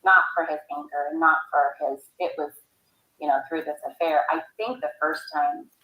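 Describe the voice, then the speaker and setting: A woman recalling family events in a recorded interview, speaking haltingly. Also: sits low, steady tone, pushed and bright. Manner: halting, hesitant recollection. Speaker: interviewee, sister of the subject. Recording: echoey room.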